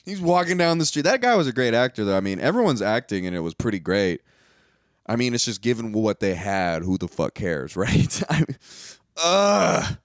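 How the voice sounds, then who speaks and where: Lively, rambling young man ranting about movies. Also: fairly quick, no room sound, clean studio sound. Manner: profane, rambling, full of fillers, mocks scenes in high put-on voices. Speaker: movie reviewer. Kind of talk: casual movie review rant.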